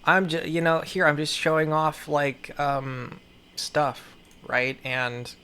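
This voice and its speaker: A woman's voice: sits low, fairly even intonation, slow pace, fairly bright tone, slight background noise. A woman giving casual commentary in a profane, rambling, exasperated way. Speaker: video creator.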